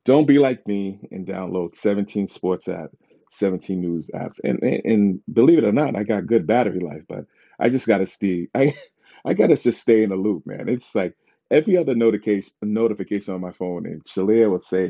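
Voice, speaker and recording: A man hosting his own podcast, telling casual stories in an animated, self-described dramatic way and laughing often. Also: lowish voice, moderate pace, gravelly. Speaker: podcast host. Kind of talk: casual storytelling monologue. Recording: dull lo-fi recording.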